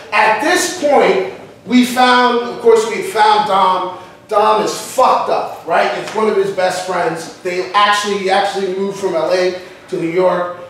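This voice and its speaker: A man's voice: high-pitched, a bit bright, slight background noise. A man, an acting teacher, telling a profane story in a casual way to a class, acting out his friends' voices. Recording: echoey room, far from the mic.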